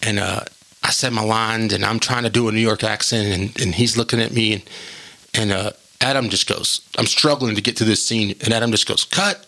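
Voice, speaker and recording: Gravelly, bright-voiced storytelling man. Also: lowish voice, a little fast. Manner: rambling, animated, acts out quotes. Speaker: podcast co-host. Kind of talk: casual storytelling chat.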